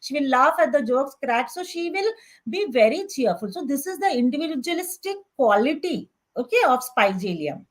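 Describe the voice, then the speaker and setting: A woman's voice: high voice, big pitch swings, normal speed. A woman with an Indian English accent giving a conference lecture, acting out her patients' voices in quotes.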